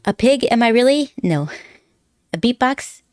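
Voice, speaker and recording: A woman's voice: fairly high pitch, lively intonation, a little slow, a little mellow, no echo, clean studio sound. A woman live streamer chatting casually with her viewers, rambling and giggly, laughing often and teasing her chat playfully.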